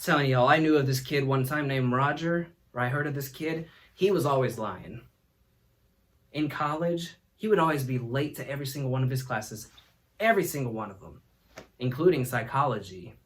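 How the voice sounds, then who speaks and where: A man's voice: medium pitch, expressive, normal speed, a bit bright. A man hosting a comedy talk show, telling a rambling story with folksy asides and frequent laughter. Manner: laughs often, acts out voices, folksy asides.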